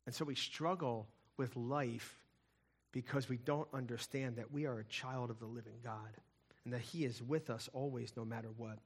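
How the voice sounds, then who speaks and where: A middle-aged man preaching a sermon, telling stories and swinging between loud emphatic lines and hushed, quiet ones. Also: medium pitch, steady tone, normal speed, slightly rough. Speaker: pastor.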